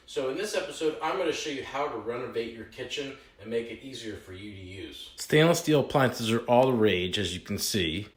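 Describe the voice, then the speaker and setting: A young man hosting a do-it-yourself video, with a mock-serious, deadpan humor as he assembles a kit. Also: mid-range voice, roomy sound. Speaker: realtor hosting a home renovation video. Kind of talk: joking do-it-yourself walkthrough.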